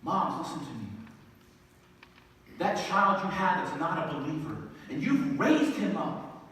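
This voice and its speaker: A man's voice: fairly high pitch, big pitch swings, a little slow. Earnest middle-aged male pastor, echoey hall. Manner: earnest, swells from quiet to emphatic. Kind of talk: sermon. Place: church sanctuary. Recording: echoey hall, distant mic.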